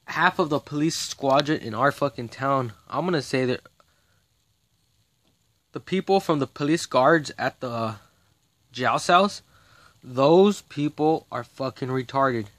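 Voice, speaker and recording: A man's voice: medium pitch, a little slow, long pauses, no echo. Man ranting, profane and rambling. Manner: profane, agitated, rambling with frequent restarts. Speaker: vlogger. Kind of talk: rambling monologue rant.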